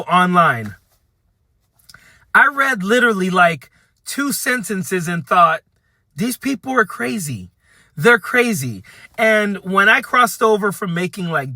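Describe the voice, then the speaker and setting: Middle-aged male vlogger, bright forceful tone, slightly high voice, dry close sound, wry storyteller. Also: no room sound. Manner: animated, wry, addresses viewers directly. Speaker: political commentator. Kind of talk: casual storytelling to camera.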